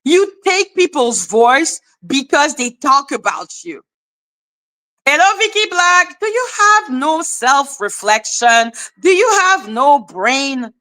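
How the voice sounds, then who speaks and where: A woman hosting a commentary livestream, ranting with heavy profanity and mockery, breaking into shouts. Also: sits high, very animated, takes it slowly. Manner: profane, mocking, shouts in outbursts. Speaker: commentary channel host. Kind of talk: heated livestream rant.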